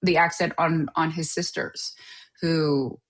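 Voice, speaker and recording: A woman with a notably low voice talks in a relaxed interview as the guest. She is an actor from Canada and speaks animatedly, laughing often and restarting sentences as her thoughts tumble out. Her delivery is casual and conversational. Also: takes it slowly.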